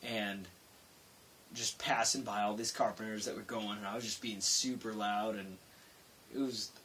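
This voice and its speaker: A man's voice: lowish voice, steady tone, moderate pace, recorded from a distance. A young man vlogging late at night, telling a work story in a rambling, self-interrupting way. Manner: rambling, self-interrupting, with loud acted-out quotes. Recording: faint hiss, voice a bit off-mic.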